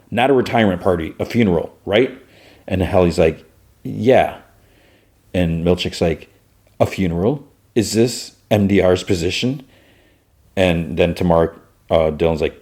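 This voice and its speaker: Male podcast host, deep voice, casual scene-by-scene recapper, swaps in "fudge" for swears. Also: darkish tone. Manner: breezy retelling of scenes, peppered with "like"; says fudge for swear words.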